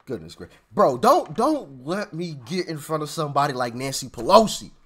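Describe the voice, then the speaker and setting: A man's voice: a little high, sing-song, moderate pace, a bit bright, breathy edge. A man hosting a political commentary channel, ranting sarcastically and stammering as he repeats himself.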